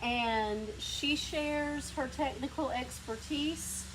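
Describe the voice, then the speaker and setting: Against a noisy background, a woman with a lazy Southern drawl speaks at a slow pace in a high-pitched voice. She hosts a hands-on painting demonstration in a workshop, chatting and coaching a helper as she works.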